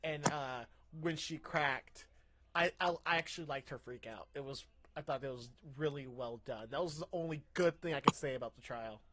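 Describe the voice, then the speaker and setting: A young man hosting a casual podcast, rambling and excitable, ranting and laughing into a mic run through a soundboard. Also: medium pitch, moderate pace, noisy background. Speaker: podcast host.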